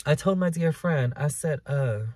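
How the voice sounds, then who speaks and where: A man hosting his own podcast in a candid, profane, emotional monologue, sometimes loud and sometimes hushed, recorded outdoors in a park on the camera's mic. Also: on the high side, animated, a little slow, no room sound. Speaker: podcast host. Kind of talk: confessional solo podcast monologue. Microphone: camera recording him.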